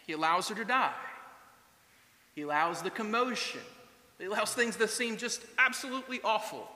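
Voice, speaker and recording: Man, 30s, pastor, sermon, earnest conversational delivery, rhetorical questions, high voice, roomy echo. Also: bright, forceful tone. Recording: echoey church hall.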